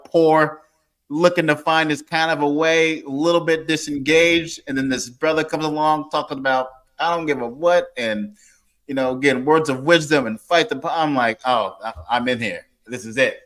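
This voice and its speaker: A man's voice: fairly high pitch, fairly bright tone. A man in his forties, a guest author talking casually in an interview, rambling with many fillers and restarts. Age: 40s.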